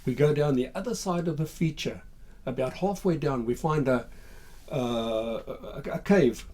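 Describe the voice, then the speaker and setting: A man, retelling a war memory in a halting, low-key way and often repeating his words. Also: darkish tone. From Zimbabwe. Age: 60s. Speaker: war veteran storyteller. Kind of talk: spoken war memoir.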